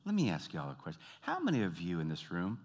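A middle-aged stand-up comedian tells stories, breaks into character voices, and often laughs at his own jokes. His deep voice swoops wildly in pitch, moves fast, and has a breathy edge.

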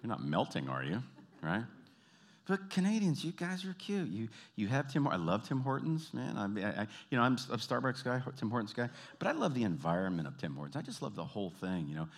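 A man from the American South with a Southern accent, performing an animated stand-up comedy routine. He tells stories and jumps into high, exaggerated voices. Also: brisk. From Southern United States. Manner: animated storytelling, jumping into high put-on voices.

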